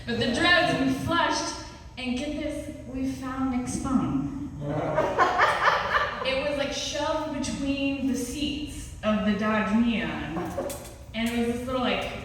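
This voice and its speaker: Animated woman storyteller in an echoey hall. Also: high-pitched, slow pace. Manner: animated, laughing, acts out the other people's lines. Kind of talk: live storytelling performance. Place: small cultural center hall with a small audience. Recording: echoey hall, distant mic, faint hiss.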